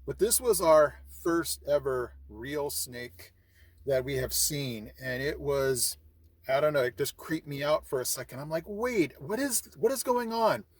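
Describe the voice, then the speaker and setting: A man's voice: medium pitch, unhurried, dry recording. A middle-aged man, hosting his vlog and telling a story casually, acting out his own reactions as he goes. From California. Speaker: vlog host.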